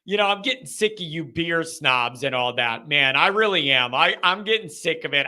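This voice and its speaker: A man hosting a live call-in chat, talking in an animated, joking, ranting way. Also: on the high side, measured pace. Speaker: host.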